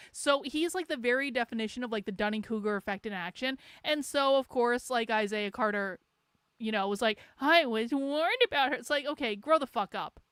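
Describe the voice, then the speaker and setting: A middle-aged livestream host rants with sarcasm and lots of profanity, rambling and laughing in a casual chat. Her voice is on the high side, fairly bright, clear, and resonant. The recording is dry and studio quality.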